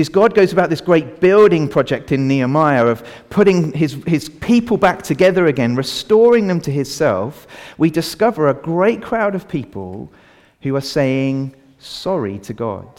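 A man preaching an all-age sermon, asking the congregation questions and leading a prayer. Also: fairly high pitch. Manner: animated, asks the congregation questions. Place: church hall. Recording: reverberant church hall.

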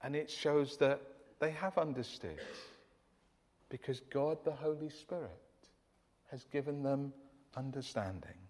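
A man's voice: mid-range voice, unhurried, pauses often, darkish tone, big-room sound. A man from the UK preaching a sermon in an earnest, emphatic way, often restarting his phrases. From United Kingdom.

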